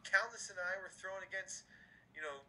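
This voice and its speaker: A man who coaches throwing, talking in a casual podcast chat, animated and swearing casually. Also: high voice, a little fast, poor audio.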